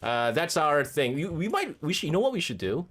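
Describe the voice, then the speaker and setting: A man's voice: on the high side, big pitch swings, fairly bright tone. A man hosting a radio show from the studio, joking and rambling in casual chat. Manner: joking, rambling, quick to laugh. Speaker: radio host.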